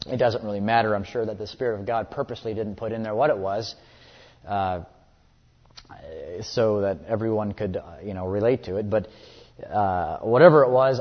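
A man preaching a sermon earnestly, often repeating words as he presses a point. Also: lowish voice. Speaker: pastor. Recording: echoey hall, dull lo-fi sound.

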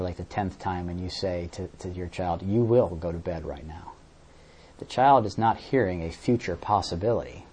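A man with a lowish voice and a darkish tone preaches a sermon. He explains the verses through everyday examples, often repeating words while he searches for what to say next.

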